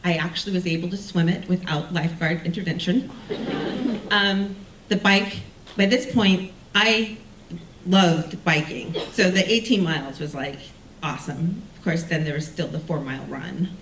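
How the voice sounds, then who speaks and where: A woman telling a personal story on stage, animated and self-mocking, acting out the people she quotes. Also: on the low side, normal speed, slight background noise. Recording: roomy sound from a distant mic with faint ambience.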